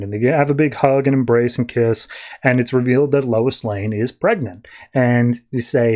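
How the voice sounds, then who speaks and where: A man in a relaxed podcast chat, retelling a comic book story in a loose, conversational way. He drops in quick, offhand voices for the characters as he goes, with a middle-pitched, everyday sound. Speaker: podcast host reviewing comics. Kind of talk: casual comic book recap.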